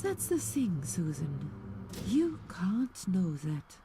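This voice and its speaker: A slow, menacing old crone. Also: female voice, on the low side, sing-song, background noise, heavily acted. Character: sinister old woman, cold, mocking, controlling. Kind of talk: video game voice acting. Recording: game audio under loud music.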